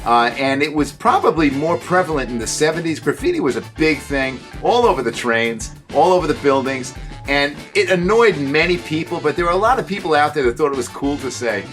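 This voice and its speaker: A man hosting a casual show, telling comic stories in an animated way and laughing at his own jokes. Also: on the high side, brisk, faint music behind. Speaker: show host. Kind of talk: casual comedic storytelling.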